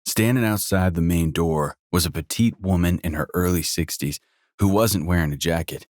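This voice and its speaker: A man narrating a romance audiobook in the first person with a measured, even reading. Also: deep voice, no echo, studio quality.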